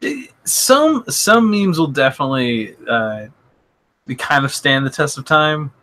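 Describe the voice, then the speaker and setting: A man's voice: a little high, lively intonation, measured pace, bright, forceful tone. A man co-hosting a casual podcast chat who mostly gives short reactions and laughs a lot. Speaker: podcast co-host.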